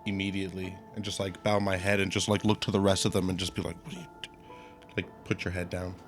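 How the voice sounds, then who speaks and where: A man taking part as a player in a tabletop game, talking in an animated way. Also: low-pitched, soft background music. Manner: animated, quick to laugh.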